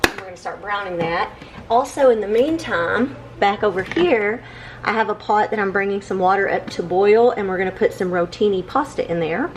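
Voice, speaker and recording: A woman's voice: mid-range voice, normal speed, a little hiss or hum. A woman chatting casually as she cooks supper in her home kitchen. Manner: chatty, relaxed, says y'all often. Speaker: home cooking vlogger. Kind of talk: casual cooking chat.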